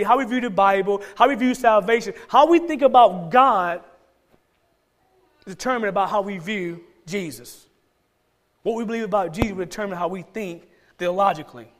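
A man's voice: sits high, moderate pace, fairly bright tone. A man with a Georgia Southern accent preaching a sermon as pastor, emphatic and repeating key phrases for stress.

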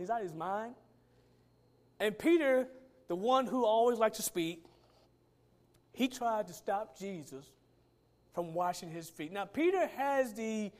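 A man with a notably high voice delivers a sermon. He talks in a plain, colloquial way, leans on key words and stretches them out, then lets his lines drop off quietly. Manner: preaching with rising and falling emphasis, drawn-out words; colloquial phrasing. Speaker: pastor.

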